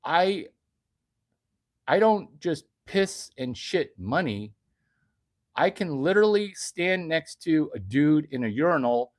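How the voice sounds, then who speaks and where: A man giving a brash, bragging comedic monologue, talking provocatively and suddenly getting louder for emphasis. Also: a little high, sing-song, takes it slowly, no room sound, studio quality. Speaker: vlogger.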